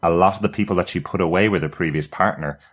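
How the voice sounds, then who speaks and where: A man's voice: low voice, quick pace, slightly rough. A man co-hosting a podcast, chatty and enthusiastic, laughing easily. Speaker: podcast co-host. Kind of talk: casual review chat.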